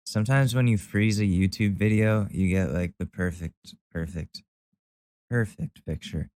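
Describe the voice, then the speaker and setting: Male host, lowish smooth voice, dry close mic, wry commentary. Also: unhurried, a little mellow, no room sound. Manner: wry, incredulous reactions. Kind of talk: casual commentary.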